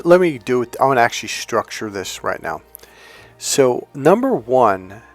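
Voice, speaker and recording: A man talking off the cuff as a life coach, often restarting and searching for words. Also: mid-range voice. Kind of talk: unscripted motivational talk to camera.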